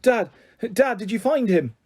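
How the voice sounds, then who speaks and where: An anxious young boy, as a male reader puts him on, pitched high and eager, tripping over his words. The voice has a husky edge and lively, swooping pitch, fitting a children's audiobook. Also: measured pace, full character voice. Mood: urgent. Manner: eager, pleading, stammering. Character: young boy, self-centred, anxious birthday boy.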